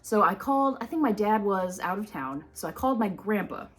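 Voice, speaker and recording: A woman from Minnesota, United States, hosts a reptile channel, her mid-range voice expressive and brisk. In a casual educational vlog she tells a rambling story, laughing often as she drifts off topic.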